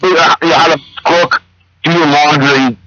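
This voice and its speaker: A man's voice: a little high, fairly even intonation, a little slow, bright, forceful tone. A man co-hosting a comedy podcast, rambling through crude jokes and slipping into put-on voices. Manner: rambling, jumps into impressions, lots of "man". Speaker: podcast co-host. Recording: slightly dull lo-fi podcast audio with faint hiss.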